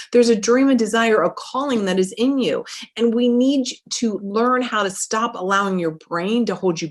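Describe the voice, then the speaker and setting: A woman life coach hosting her own podcast, talking energetically and emphatically, repeating phrases for effect in a motivational monologue. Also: medium pitch.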